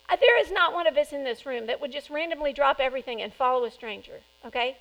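A woman preaching a sermon in a lively, conversational way, acting out quoted lines. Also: sits high, fast talker, low-quality recording.

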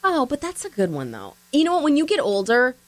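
A woman's voice: sits high, wildly swooping pitch, a little fast, no echo. A woman radio host interviewing a comedian, chatty and playful, teasing and self-mocking. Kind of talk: casual interview chat.

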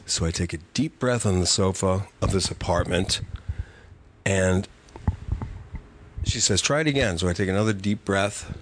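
An older man, a comedy writer and podcast guest, telling a story in a vivid, profane and animated way. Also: low-pitched, moderate pace, long pauses, slight background noise.

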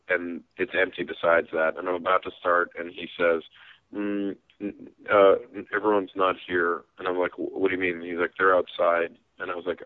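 A man's voice: sits low, no room sound. A man guest telling rambling, self-deprecating comedy stories in a casual interview, heard over a phone-like line. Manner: rambling, self-deprecating, acts out quoted voices.

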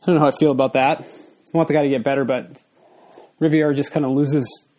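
A man's voice: a little high, level tone, fast talker, a little mellow. Breathless, rambling man in his forties. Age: 40s. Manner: rambling, loose, with many fillers and restarts. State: slightly out of breath. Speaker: podcast host. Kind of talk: casual solo podcast talk.

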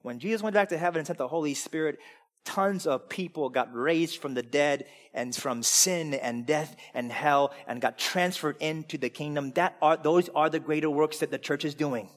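A man preaching a sermon as pastor, emphatic, swinging between loud preaching and quiet asides. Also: a little high, normal speed. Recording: long hall reverb.

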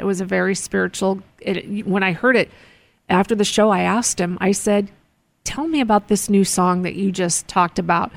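A woman with a gravelly, fry-tinged voice chats earnestly as a show host. She tells personal stories, often stopping and restarting her sentences. The recording is dry and close. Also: mid-range voice, no room sound. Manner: earnest, storytelling, many restarts. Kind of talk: casual chat. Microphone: close mic in a studio.

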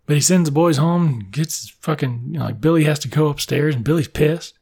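A young man with a rough, gravelly edge to his voice and a husky grain underneath. He recaps a story with crude, sarcastic humor, swearing freely and popping into quick character voices. The delivery is comedic and loose. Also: a little high, dark tone. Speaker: comedic book reviewer. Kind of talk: profane comedic story retelling.

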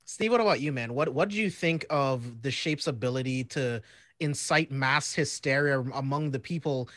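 A man's voice: mid-range voice, normal speed, fairly bright tone, no room sound, studio quality. A laid-back man co-hosting a casual film podcast, asking others for their views. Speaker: podcast co-host.

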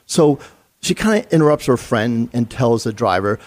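A man's voice: medium pitch, lively intonation, normal speed, darkish tone. A middle-aged man, a retired police sergeant, telling a story in an interview in an earnest, conversational way with fillers and restarts.

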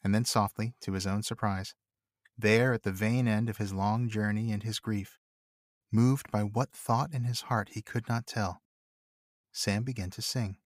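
A man co-hosting a book podcast, chatting and reading passages aloud in a measured, steady way. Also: fairly low pitch, dry recording, clean studio sound. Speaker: podcast co-host and reader.

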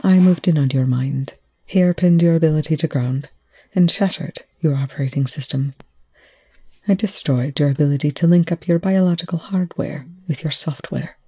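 A despairing male scientist, as the storybook reader puts him on, low and gravelly, dropping toward a whisper. He sounds dark and husky, every sentence weighed down and halting. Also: no echo. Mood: quiet. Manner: quiet, halting, near tears.

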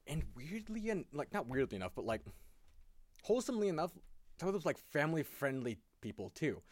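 A man co-hosting a podcast in casual chat, an excitable storyteller who rambles with lots of fillers. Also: fairly high pitch, a little fast, no room sound, studio quality. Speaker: podcast co-host.

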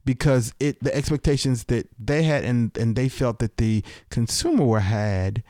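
Halting male podcast co-host. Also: medium pitch, mellow, no echo, studio quality. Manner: halting, hesitant, many restarts and fillers. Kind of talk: casual podcast chat reviewing a game.

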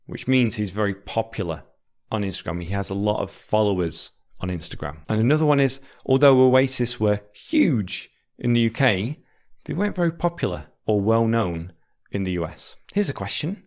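British guy teaching english phrases, lowish voice, calm and clear. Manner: clear, patient, repeats example sentences slowly. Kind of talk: explaining vocabulary to learners.

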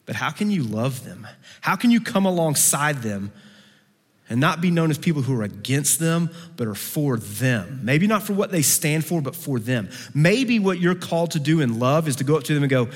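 A man's voice: on the high side, sing-song, normal speed. Fervent male preacher in a reverberant hall. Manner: swings from fervent raised delivery to hushed intimate pleading. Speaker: campus preacher. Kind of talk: sermon.

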